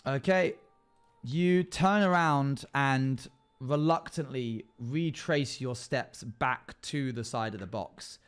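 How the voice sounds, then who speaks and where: A man narrates a tabletop adventure as game master, his voice sitting at an ordinary middle pitch. He lingers over descriptions at a deliberate pace, then slips into casual asides to his stream chat. Soft music plays faintly underneath. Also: clear, resonant tone.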